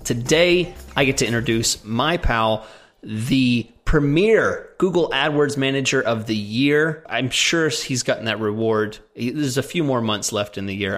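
A man's voice: mid-range voice, measured pace, a bit bright. A man co-hosting a casual question-and-answer show, reading out listener questions and teasing his co-host. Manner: joking, teasing. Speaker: podcast co-host.

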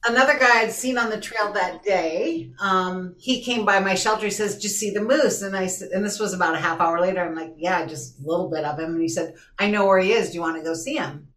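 A woman telling a story in casual group chat, calm and matter-of-fact. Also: mid-range voice, brisk, hardly any pauses, far from the mic. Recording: roomy sound from off-mic.

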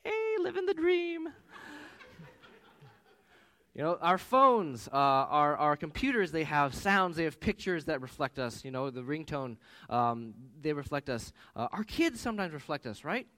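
Animated man preaching a sermon. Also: a little high, normal speed. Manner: animated, conversational with personal anecdotes. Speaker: pastor.

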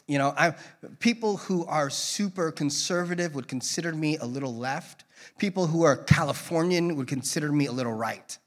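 Speaking at a normal speed in a slightly high voice, this male guest preacher delivers a relaxed sermon to the church, cracking jokes and wandering off topic as he goes.

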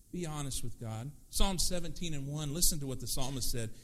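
A man preaching a sermon as pastor, lively and conversational, acting out prayers and quoted voices. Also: a little high, brisk.

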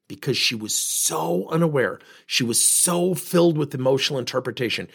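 A man hosting a podcast, telling a personal story and acting out the dialogue in an animated way. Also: fairly high pitch, creaky, breathy edge. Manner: animated, acts out quoted dialogue. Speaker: podcast host.

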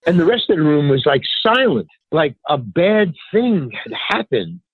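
An older man, a stand-up comedian, spins anecdotes in a lively, swooping delivery with a husky edge. He slips into other people's voices as he tells them. The sound is dry and thin, like a phone line. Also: on the high side, moderate pace, no echo. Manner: animated, acts out other people's lines in raised voices. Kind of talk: casual anecdotal storytelling in an interview.

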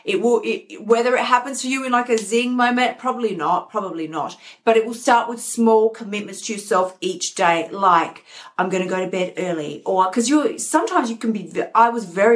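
A woman's voice: a little high, a bit bright. Candid woman host, emotional and confiding. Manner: emotional, confiding, repeats words for emphasis. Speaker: podcast host. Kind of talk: candid personal talk. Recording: live stream.

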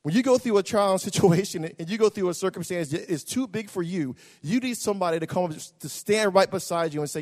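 A man with a high voice preaches his testimony with fervent, repetitive intensity. He sinks to near-whispers, then climbs to shouts. His words ring out with the long echo of a large hall. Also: brisk. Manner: impassioned, repetitive, swings from hushed to shouting. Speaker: pastor. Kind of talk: sermon testimony.

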